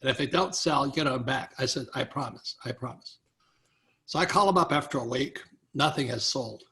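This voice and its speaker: An older man, a guest author in an interview, telling stories in an animated way and acting out what other people said. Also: mid-range voice, moderate pace, gravelly. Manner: animated storyteller, acts out quoted people, chuckles often. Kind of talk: storytelling in a conversational interview.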